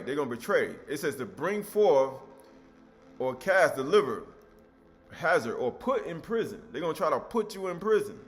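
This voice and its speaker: A man preaches from scripture with a slightly high voice, talking to listeners directly and with emphasis. He slips into the voices of people he quotes to make his point. Soft music plays quietly underneath. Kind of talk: scripture teaching.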